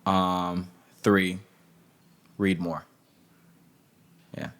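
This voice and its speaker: A man's voice: low-pitched, level tone, drawn-out words, a bit bright. A man talking casually as an interview guest, loose and profane, with lots of "like" and "you know.". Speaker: music industry guest.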